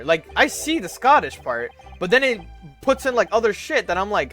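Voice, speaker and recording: A man streaming a game, reacting in an excitable, exasperated casual way. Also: fairly high pitch, moderate pace, soft background music. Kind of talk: casual gameplay commentary.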